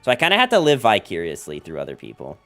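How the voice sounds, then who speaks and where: Male streamer, bouncy lively pitch, rambling casual chat, lots of filler words, joking asides, faint music underneath. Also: fast. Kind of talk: casual livestream chat while playing a card game.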